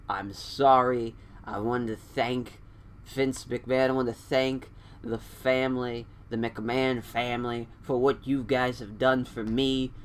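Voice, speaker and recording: A grateful woman fighter stumbling through a heartfelt apology and thanks, as a man voices her. It stays close to an everyday speaking voice, slow and faltering. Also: medium pitch, a bit bright, natural voice.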